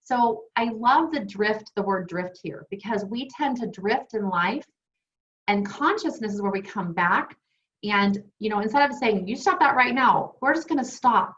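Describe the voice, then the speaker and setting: A woman's voice: mid-range voice, expressive, measured pace, a bit bright. A woman co-hosting an online wellness webinar, chatty and enthusiastic, sharing personal stories as she teaches. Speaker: wellness program co-host. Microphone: video call. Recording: dull lo-fi video call audio.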